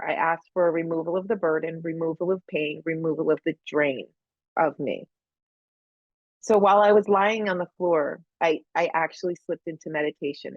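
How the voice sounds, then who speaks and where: A woman's voice: on the low side, no room sound. A woman guest on a podcast, telling a personal story earnestly and repeating phrases for emphasis. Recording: dull, lo-fi, dry sound.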